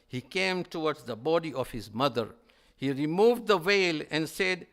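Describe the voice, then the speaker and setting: A man's voice: on the high side, expressive, a little slow, fairly bright tone. A male preacher giving a mourning sermon, telling the story with passion and often repeating phrases.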